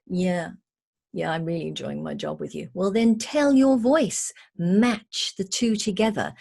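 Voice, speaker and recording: A woman's voice: fairly low pitch, a little mellow, husky. A woman communication trainer giving a recorded lesson, emphatic and playful in a teacherly way.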